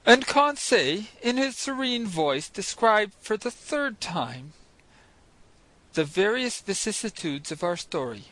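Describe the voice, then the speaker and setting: A man narrating a novel in the first person, measured and expressive, as an audiobook reader. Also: high-pitched, low-quality recording.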